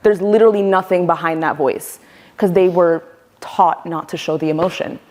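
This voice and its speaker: Woman workshop leader, a bit low-pitched, emphatic and demonstrative. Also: normal speed, a little mellow. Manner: emphatic, demonstrates voices as she explains. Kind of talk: teaching a voice workshop.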